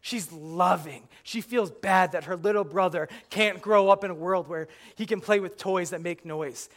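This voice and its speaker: A young man performing a stand-up comedy routine, telling animated stories and acting out his own reactions. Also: high-pitched, moderate pace. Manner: animated storytelling, acts out yelling at the screen.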